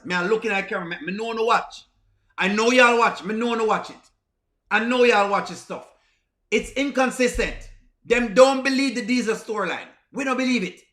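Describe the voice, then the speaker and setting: A Jamaican man comments on comedy skits for his livestream audience with a bright, sharp tone. He begs and repeats his points, sliding between patois and plainer speech. His voice echoes around the room. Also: high voice. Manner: pleading and repetitive, mixing patois with plain speech. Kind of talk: casual reaction commentary.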